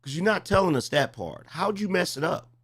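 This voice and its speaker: A man's voice: high voice, animated, brisk, fairly bright tone, slightly rough. A man in his forties hosting reaction commentary, mocking and incredulous, pressing the same question again and again. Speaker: commentary host.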